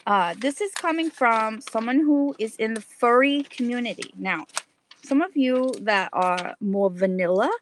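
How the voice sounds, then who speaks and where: A woman's voice: a little high, a little slow, slight background noise. A middle-aged woman hosting a casual comedic vlog, chatty and theatrical, with many fillers and restarts, talking from an outdoor lunch spot. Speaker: self-styled advice host.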